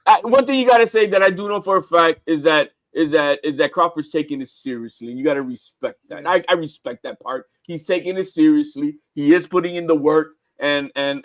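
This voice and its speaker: Casting: man co-host, high voice, excitable, stumbling restarts. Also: no echo, low-quality recording. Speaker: podcast co-host. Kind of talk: casual boxing chat.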